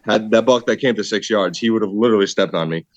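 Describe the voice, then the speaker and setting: A man excitedly telling a hunting story in casual podcast chat, saying "dude" a lot. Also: lowish voice, fast talker, no room sound, muffled recording. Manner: excited, animated retelling with repeated "dude". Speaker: podcast guest, hunter.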